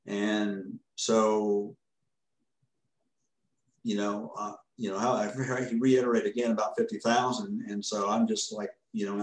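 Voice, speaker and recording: A man telling a story as a podcast guest, earnest and halting, often restarting his sentences. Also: fairly low pitch, level tone. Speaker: podcast guest, ministry founder. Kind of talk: casual spoken storytelling. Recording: roomy echoey room.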